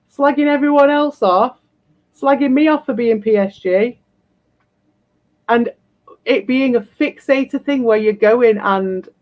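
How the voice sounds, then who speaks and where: A woman's voice: on the high side, dull audio. A woman streaming live, ranting bluntly and combatively and swearing freely. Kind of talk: livestream rant.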